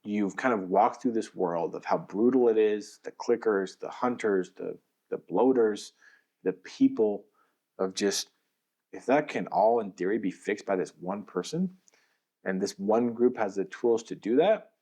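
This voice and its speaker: A man with a slightly low voice, chatting on a podcast. He retells scenes with real animation, slips into acted-out quotes, and trips over his restarts as he goes. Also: a little slow, warm tone. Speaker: podcast co-host. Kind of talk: casual podcast chat.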